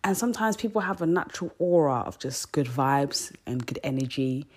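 A young woman with a notably low voice chats on her podcast. Her talk is frank and loose, full of slang and filler words. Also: animated, moderate pace, breathy edge. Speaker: podcast host. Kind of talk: casual chat.

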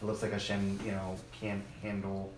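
A man's voice: low voice, monotone, normal speed, a little hiss or hum. A man answering in class, hesitant and searching for words. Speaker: student. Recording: roomy, distant classroom mic.

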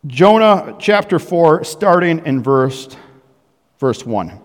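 A pastor giving a sermon to his congregation, building emphasis with frequent pauses. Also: a little high, very animated. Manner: preaching with rising emphasis and pauses, addressing the congregation. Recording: echoey hall with long reverb.

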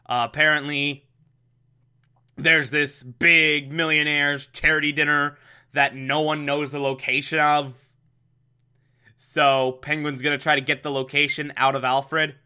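Male host, casual comic recap, wry and chatty, bright, slightly high voice. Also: flat delivery, measured pace, clear, resonant tone. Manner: wry, chatty, laughing asides. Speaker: show host recapping an episode.

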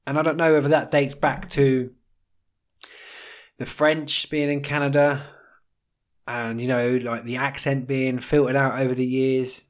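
Male solo podcast host, mid-pitched voice, rambling and wry, lots of fillers. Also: little pitch movement, a little slow, long pauses. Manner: rambling, wry, jokey asides with many fillers. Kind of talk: casual solo monologue.

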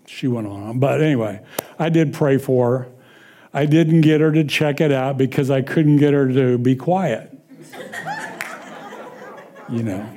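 A man's voice: a little high, dark tone. A man preaching a sermon, asking the congregation questions and answering them himself, then telling casual personal stories with chuckles. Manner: slow, drawn-out preaching with call-and-response questions; chuckles through casual anecdotes.

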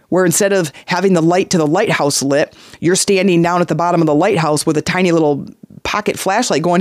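A man's voice: sits high, a little fast, no room sound, clean studio sound. A man hosting a motivational podcast as a life coach, speaking earnestly and repeating key phrases for emphasis. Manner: animated storytelling with acted-out voices.

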